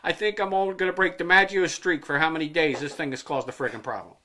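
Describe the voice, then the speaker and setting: A man's voice: on the high side, fairly even intonation, fast talker, sharp tone, slight background noise. A man hosting a casual podcast, rambling and joking with crude language. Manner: rambling, joking, profane storyteller. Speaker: podcast host.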